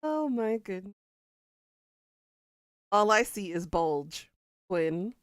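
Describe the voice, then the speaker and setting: A woman's voice: mid-range voice, sing-song, extremely slow, clear, resonant tone, dry recording, studio quality. A woman streamer in casual live-stream chat, playful and bawdy, reading out chat quotes and laughing along. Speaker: game streamer.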